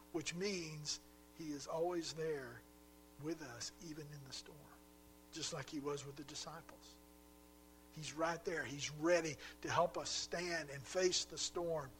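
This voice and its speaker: A man preaching a sermon as pastor, swinging between loud emphatic pushes and quiet drops, with a faint mains hum behind. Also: on the high side, poor audio.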